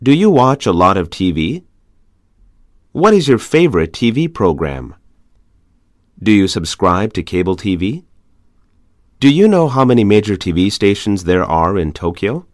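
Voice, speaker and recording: A man reading English conversation practice questions aloud in a measured, even way. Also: fairly low pitch, dry recording, studio quality. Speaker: English lesson reader.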